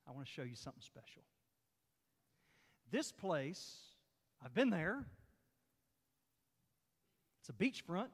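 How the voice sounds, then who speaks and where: Southern pastor, high and lively, folksy and animated, church hall reverb. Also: male voice. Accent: Southern American. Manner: animated, folksy preaching with dramatic scripture reading. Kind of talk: sermon. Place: church sanctuary.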